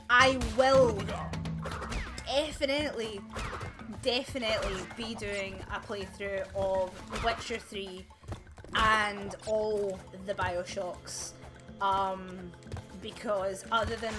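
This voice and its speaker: A woman chatting casually as she plays a video game, rambling with plenty of fillers and little laughs. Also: medium pitch. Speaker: let's play gamer. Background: game music.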